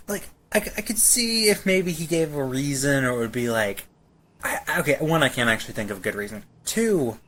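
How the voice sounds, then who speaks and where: A man's voice: fairly high pitch, fairly bright tone. A man co-hosting a podcast, ranting sarcastically about a cartoon with lots of swearing and stammered restarts. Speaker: podcast co-host. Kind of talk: casual episode recap chat.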